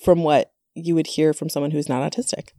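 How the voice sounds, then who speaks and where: A woman's voice: low voice, steady tone, brisk, mellow, no room sound, clean studio sound. A woman hosting a casual conversation, chatty, with many fillers and asides.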